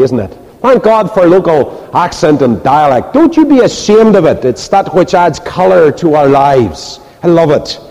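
A man preaching a sermon, telling stories and asking rhetorical questions. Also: fairly high pitch. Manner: animated storytelling, rhetorical questions, acts out quoted voices. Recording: reverberant hall.

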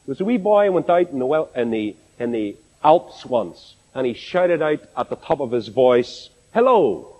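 A man's voice: medium pitch, expressive, moderate pace, few pauses, mellow. A man with a Northern Irish accent preaching a sermon to a congregation, speaking expressively and asking rhetorical questions in an echoey hall. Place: large assembly hall.

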